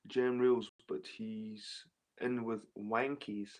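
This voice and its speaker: A man's voice: mid-range voice, level tone, slow pace. A Scottish man hosting a casual livestream, rambling and swearing as he reads and answers the chat. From Scotland. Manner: rambling, swearing, repeats himself. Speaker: livestream host reading chat.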